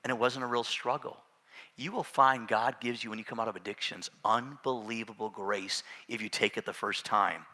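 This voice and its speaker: A middle-aged male pastor preaching an animated sermon in a church sanctuary, swinging between loud emphasis and hushed asides. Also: lowish voice, normal speed. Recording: reverberant church hall.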